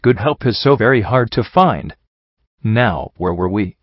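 A man's voice: lowish voice, animated, measured pace, no room sound. A man voicing a cocky, pompous unicorn stallion who leads a bandit gang, talking down with smug condescension. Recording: dull lo-fi recording.

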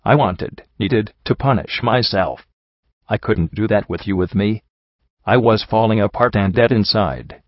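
Remorseful unicorn mare voiced by a man, soft, low voice, dry muffled recording. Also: a little slow, dry recording. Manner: soft, subdued, confessional. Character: guilt-ridden female unicorn pony, weary and remorseful.

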